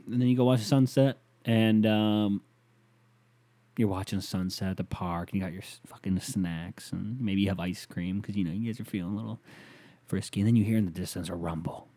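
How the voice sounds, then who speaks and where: A young man ranting comically, crude and rambling, swearing often with loud bursts. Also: lowish voice, fairly even intonation, fairly quick. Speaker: comedian. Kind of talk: profane comic rant.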